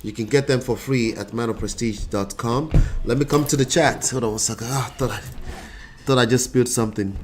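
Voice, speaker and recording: A congested man hosts a casual livestream, chatting loosely and calling out viewers by name. His voice sits at an ordinary middle pitch for a man. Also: brisk, a little hiss or hum. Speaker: relationship coach and show host.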